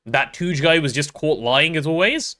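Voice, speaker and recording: A man's voice: on the high side, normal speed, sharp tone. A young man chatting casually while streaming a game, rambling and playful with self-deprecating stories. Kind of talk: casual gaming stream chat.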